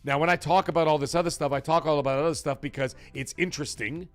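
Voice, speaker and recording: A man hosting a live gaming talk show, chatting casually and thanking viewers from chat in a rambling, animated way. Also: a little high, quick pace, faint music behind. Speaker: livestream talk show host.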